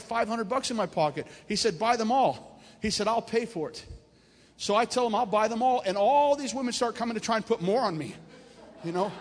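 A man preaching a sermon, telling stories in an animated voice that climbs and grows loud at its peaks. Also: sits high. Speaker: pastor. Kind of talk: storytelling sermon. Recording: long hall reverb.

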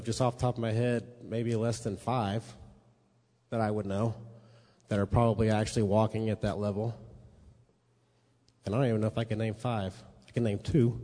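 A man's voice: on the low side, flat delivery, moderate pace, pauses often, dark tone. A man teaching a sermon in a conversational way, often checking in with his listeners. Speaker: preacher. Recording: long reverb of a hall.

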